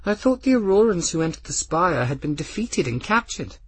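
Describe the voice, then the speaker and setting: A man's voice: high voice, very animated, moderate pace, a bit bright, slightly rough, no room sound, pitched above the performer's own voice, exaggerated voice. A man putting on a puzzled young woman. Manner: puzzled, questioning.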